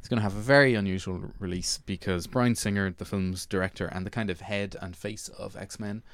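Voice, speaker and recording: A man's voice: sits low, fairly even intonation, a little fast, dry recording. A man hosting a film podcast, chatting casually and enthusiastically about new releases with plenty of fillers. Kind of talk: casual film review chat.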